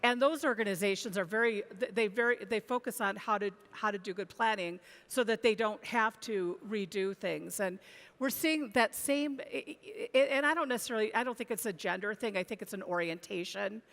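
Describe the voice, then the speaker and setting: A woman's voice: mid-range voice, a little fast, fairly bright tone. Woman panelist in an echoing hall. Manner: thoughtful, many restarts and fillers. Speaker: industry analyst on a panel. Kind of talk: conference panel discussion. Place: conference stage. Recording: long hall reverb.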